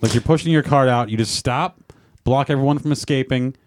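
A man's voice: mid-range voice, fairly quick, no echo, studio quality. A man co-hosting a podcast, joking about dating-profile clichés in casual banter.

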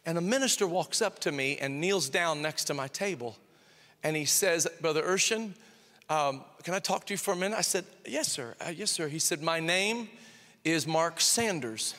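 A man's voice: on the high side, normal speed. A middle-aged man preaching as senior pastor, telling a story and acting out both sides of a conversation. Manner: animated, repeats phrases, acts out both sides of a dialogue. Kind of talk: sermon with storytelling. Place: church sanctuary. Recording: long reverb of a church hall. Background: long hall reverb.

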